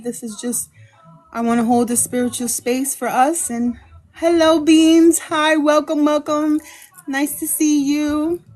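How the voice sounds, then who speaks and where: A woman hosting a tarot livestream, chatting in a bubbly way, greeting viewers by name and mixing in Spanish words. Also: high voice. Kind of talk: casual livestream chat. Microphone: phone livestream.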